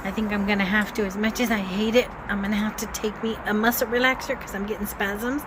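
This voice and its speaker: A woman's voice: medium pitch, fairly even intonation, quick pace, noisy background. A woman, chatting casually and rambling in a folksy way as she shows off her thrift finds. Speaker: thrift haul vlogger. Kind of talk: casual chat to camera.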